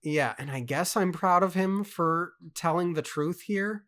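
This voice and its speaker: A man's voice: high-pitched, a little slow, fairly bright tone. A man co-hosting a casual book club, reading aloud and reacting emphatically, stammering when he is worked up.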